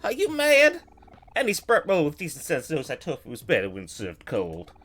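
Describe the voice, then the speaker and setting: A woman voicing a shrill, scornful mole in a video game who argues for cold tofu. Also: huge pitch swings, moderate pace. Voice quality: very high, shrill.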